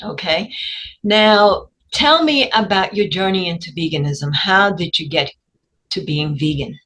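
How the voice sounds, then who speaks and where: A woman's voice: on the low side, unhurried, fairly bright tone, poor audio. Woman hosting an interview podcast. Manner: reads intro formally, then chats. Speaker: podcast host.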